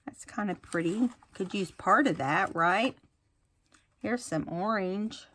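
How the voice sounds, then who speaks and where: A woman's voice: mid-range voice, takes it slowly, a bit bright. A woman talking casually through a craft tutorial, thinking aloud as she works. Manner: chatty, thinks aloud while working. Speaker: craft vlogger.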